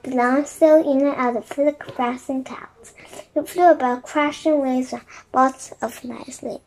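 High-voiced woman narrating a kids' chapter book aloud, gentle and quiet. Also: fairly even intonation, unhurried, a little hiss or hum, poor audio. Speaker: storybook reader.

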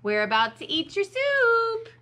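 A woman's voice: on the low side, big pitch swings, moderate pace, sharp tone, husky, full character voice. A woman voicing a worried young animal friend in a storybook, talking in an anxious, urgent way.

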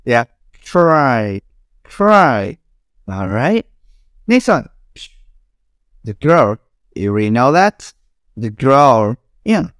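A woman's voice: very deep voice, sing-song, extremely slow, pauses often, dry recording, clean studio sound. A young woman teacher drilling English words for children, repeating each one and laughing between examples. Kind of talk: classroom drilling lesson.

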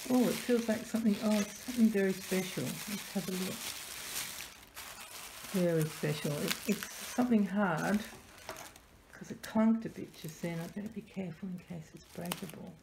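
A woman with a medium-pitched voice unboxes a parcel on camera as a doll collector vlogger, gushing with soft delight and often dropping into breathy whispers. The room is echoey with faint noise.

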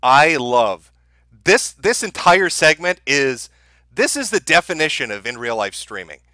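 A man's voice: a little high, very animated, unhurried, sharp tone, dry recording. A man giving mocking commentary over a video clip, sarcastic and laughing at the footage. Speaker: online commentator.

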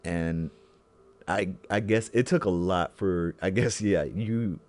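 Man co-host, very low voice, casual chat, thoughtful and searching. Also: takes it slowly, a little mellow. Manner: reflective, searching for words. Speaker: podcast co-host.

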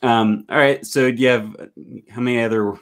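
A man hosting a casual chat, relaxed and curious, with many fillers. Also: mid-range voice, normal speed. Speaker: host. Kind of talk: casual video call chat.

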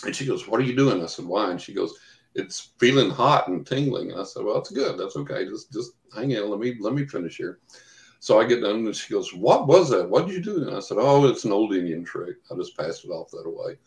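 A man's voice: lowish voice, fairly quick, gravelly. An older man telling long anecdotes in an interview, full of fillers and acted-out quotes. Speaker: guest, psychic investigator. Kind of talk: storytelling in an interview. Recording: echoey room.

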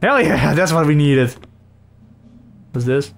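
A man from the Netherlands giving excitable, swearing gameplay commentary. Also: a little high, slow pace, creaky. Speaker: gamer.

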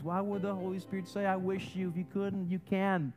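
Pastor, man, high voice, lively joking sermon, soft music under. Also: fairly quick. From German and Italian heritage. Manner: animated, joking, swings between loud and soft. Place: church sanctuary.

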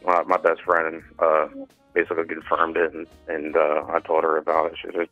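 Caller: low-pitched man, halting and rambling, dry phone-line sound. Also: completely flat delivery, no room sound, faint music behind. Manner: hesitant, rambling with many fillers. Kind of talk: phone-in storytelling.

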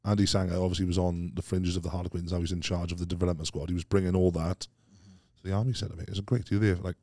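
A man's voice: sits low, flat delivery, quick pace, a little mellow, no echo, studio quality. A middle-aged Welsh man telling rambling stories as a podcast guest, dropping "mate" often. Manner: rambling, storytelling, peppers speech with "mate". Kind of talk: casual chat.

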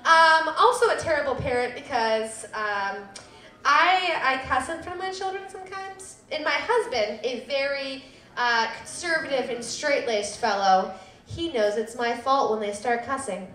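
A woman's voice: sits high, expressive, normal speed, a bit bright, echoey room. A woman in her thirties telling a personal story live at a public storytelling event, self-deprecating with laughing asides.

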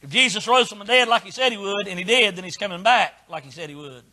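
An older man preaching a folksy Baptist sermon in short punchy lines that swing from quiet asides to shouting. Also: high-pitched, quick pace. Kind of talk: fiery sermon.

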